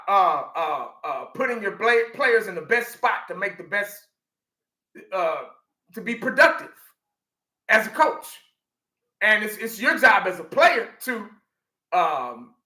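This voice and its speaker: A man's voice: high voice, bright, forceful tone, reverberant. A middle-aged man from Texas, chatting casually to his viewers and rambling with lots of restarts. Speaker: fan channel host. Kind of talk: casual chat.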